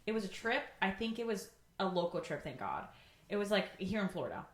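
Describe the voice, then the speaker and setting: Playful woman podcast co-host, lively pitch. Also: brisk. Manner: playful, teasing. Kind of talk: casual chat. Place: Florida. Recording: echoey room.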